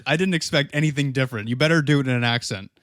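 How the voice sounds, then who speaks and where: A man's voice: medium pitch, racing, a bit bright, no room sound, clean studio sound. A man co-hosting a podcast, chatting casually with blunt, teasing jokes. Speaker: podcast co-host.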